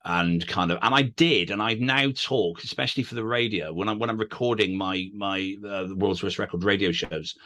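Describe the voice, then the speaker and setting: A man talks quickly and eagerly in a tenor voice, his tone bright and forceful. He chats casually as an interview guest, tumbling over his words and poking fun at himself. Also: fairly low pitch. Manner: naturally very fast talker, animated, self-deprecating. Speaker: guest radio DJ and author.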